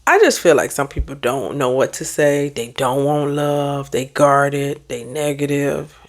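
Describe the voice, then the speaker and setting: An American woman who works as a therapist and life coach gives animated, preachy advice in a casual motivational vlog, firing back at online commenters. She speaks in a low voice at a measured pace.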